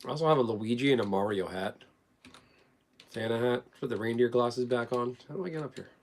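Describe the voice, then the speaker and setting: A man's voice: mid-range voice, quick pace, darkish tone. A man hosting a live stream, chatting casually in a rambling, joking way.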